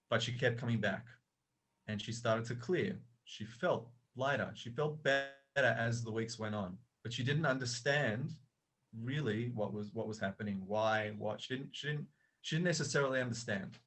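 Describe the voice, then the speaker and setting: A man's voice: mid-range voice, fairly bright tone. A middle-aged man, a coach and author, telling a story as a podcast guest, with many restarts and fillers.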